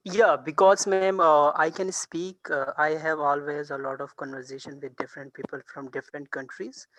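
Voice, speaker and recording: A polite man student on a video call, speaking a little high. He talks hesitantly with many fillers, and the sound is dry and close. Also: little pitch movement, normal speed, a bit bright, no echo, poor audio.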